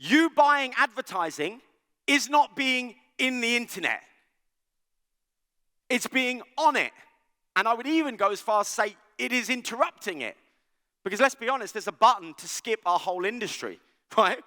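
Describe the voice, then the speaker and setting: High bright guy doing a fun chatty keynote, tons of "right?", big echoey hall. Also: moderate pace, long pauses. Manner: animated, joking, conversational with frequent "right?". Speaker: conference speaker. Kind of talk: keynote talk. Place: large conference hall.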